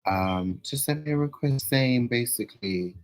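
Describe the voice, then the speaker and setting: A man chatting casually on a livestream, playful, with sudden loud outbursts. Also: medium pitch, animated, moderate pace, clear, resonant tone, rough recording.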